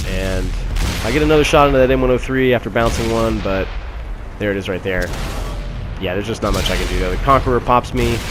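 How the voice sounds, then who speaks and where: Casual low-voiced man narrating gameplay. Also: noisy background. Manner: casual, wry, filler-heavy. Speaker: gameplay commentator. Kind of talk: game commentary voice-over. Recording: gunfire and engine sounds behind.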